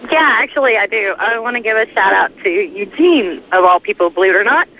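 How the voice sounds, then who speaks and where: A woman's voice: medium pitch, lively intonation, fairly quick, pushed and bright. A friendly woman from North Carolina with a mild Southern accent, calling in to a radio show. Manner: friendly, upbeat. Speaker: caller. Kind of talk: casual phone call. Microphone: phone line. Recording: dull phone-line sound.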